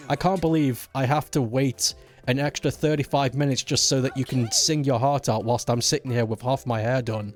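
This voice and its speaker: A man's voice: mid-range voice, fairly even intonation, moderate pace, faint music behind. A man ranting casually and with exasperation while he plays a racing game on stream, swearing often. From United Kingdom.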